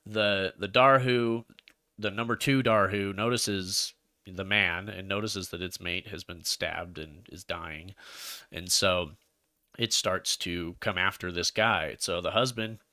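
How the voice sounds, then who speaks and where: Rambling bright-voiced male storyteller. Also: deep voice, steady tone, takes it slowly, no room sound, studio quality. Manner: rambling storyteller with restarts, laughs into jokes. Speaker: podcast co-host telling a legend. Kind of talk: casual chat.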